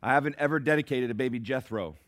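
A man preaching a sermon as pastor, swinging between shouted climaxes and hushed, slow asides. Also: medium pitch. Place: church sanctuary.

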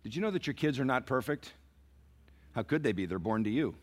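A middle-aged man delivers a sermon in a mid-range voice. He drops to soft, near-whispered lines, then climbs to loud, emphatic peaks. He acts out the dialogue in the stories he tells. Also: medium pitch, lively intonation, fairly quick. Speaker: pastor.

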